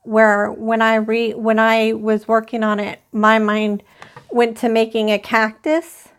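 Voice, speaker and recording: A woman's voice: a little high, little pitch movement, slow, clean tone. A woman hosting a crochet live stream, chatting casually and rambling as she talks to viewers in the chat. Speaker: crochet channel host.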